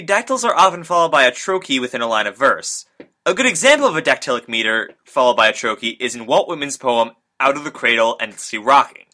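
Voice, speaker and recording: Young guy reading a class presentation out loud, bright voice, pitch jumping around. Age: young adult. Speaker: student presenter. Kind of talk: read school presentation.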